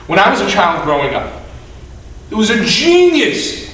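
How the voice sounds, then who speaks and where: Man rabbi giving a dramatic sermon story, bright high voice, slow delivery, echoey hall at a distance. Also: wildly swooping pitch, slight background noise. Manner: dramatic storyteller, acting out voices, swinging from shouts to hushed tones.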